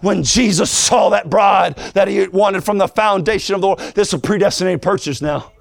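A man preaching a fiery sermon, shouting in a sing-song cadence with swings up and down in pitch. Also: normal speed, vocal fry, few pauses, no echo, clean studio sound.

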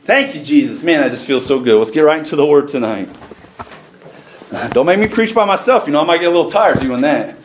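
A man preaching a church sermon, calling out to the congregation and reading scripture slowly. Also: fairly high pitch, animated, roomy sound, slight background noise. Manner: calls for congregation responses, reads scripture slowly.

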